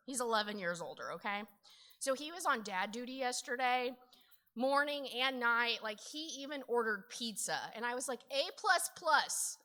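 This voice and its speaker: Lively bright-voiced woman telling a story. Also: a little high. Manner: animated, laughing often, quoting family in voices. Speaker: conference presenter. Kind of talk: casual storytelling to an audience. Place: conference room. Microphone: handheld microphone.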